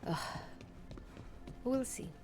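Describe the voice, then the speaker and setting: A woman's voice: very slow, dark tone, faint music behind. A woman giving casual, chatty commentary while playing a video game, reacting aloud and swearing now and then. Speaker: let's play gamer.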